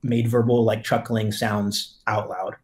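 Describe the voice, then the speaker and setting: Blunt, profane real estate coach. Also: male voice, lowish voice, flat delivery, a little slow, a little mellow. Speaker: real estate team leader and coach, guest. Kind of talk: casual podcast chat.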